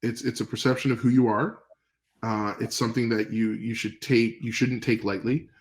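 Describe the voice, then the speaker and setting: A man from Canada, a podcast guest, telling stories in a relaxed, rambling way with fillers, acting out old phone calls. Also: medium pitch, moderate pace, a little hiss or hum, poor audio. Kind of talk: casual storytelling interview.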